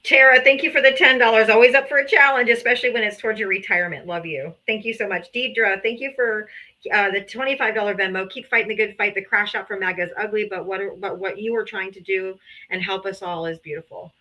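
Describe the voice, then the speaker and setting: A fast-talking woman with a mid-range voice and sharp tone reads donations aloud on her livestream. Grateful and emotional, she casually thanks her supporters through a streaming setup, sometimes sighing or breaking into laughter.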